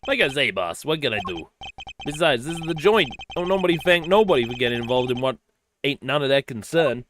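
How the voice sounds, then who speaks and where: A man voicing a gruff, streetwise male convict boxer with slangy tough-guy talk. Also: medium pitch, animated, fairly quick, fairly bright tone, slight background noise, close to an everyday voice.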